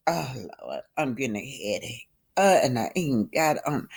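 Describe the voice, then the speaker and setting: A woman's voice: extremely low pitch, big pitch swings, moderate pace, vocal fry, a little mellow, breathy edge. A woman host chatting through a casual recap of a reality show, telling it like a story.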